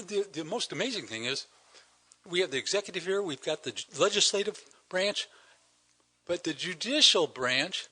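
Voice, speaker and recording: A man's voice: high-pitched, pushed and bright. An older man giving an indignant public comment to a town council, firing rhetorical questions with emphatic stresses. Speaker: citizen delegate at council meeting.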